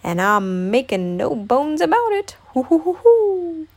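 A woman's voice: on the high side, animated, a little slow. Storybook tiger, male, boastful and playful, bold delivery; a woman reads him. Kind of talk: storybook read-aloud.

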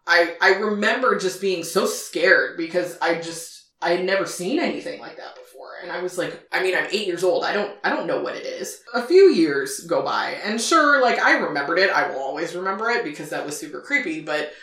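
A woman's voice: on the low side, lively intonation, a little fast, few pauses, a bit bright. A young adult woman, telling a story casually as a podcast co-host, with lots of "like" fillers. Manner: chatty, many "like" fillers. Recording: echoey room, a bit far from mic.

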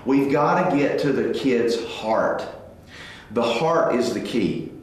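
A man in his forties giving a faith-based parenting talk, animated and acting out family dialogues. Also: mid-range voice, slow pace. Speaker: parenting speaker. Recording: very echoey room.

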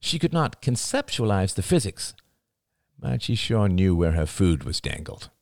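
A man with a low voice narrates an audiobook close to the mic. He takes his time, swinging widely in pitch and sinking to a hush for emphasis. The sound is dry, with no room around it. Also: very animated, gravelly, dry recording. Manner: measured, deliberate, dropping to a hush for emphasis.

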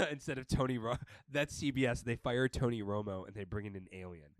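A man's voice: medium pitch, fairly even intonation, brisk, no echo. A young man co-hosting a podcast in casual chat, crude and joking, laughing often. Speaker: podcast co-host.

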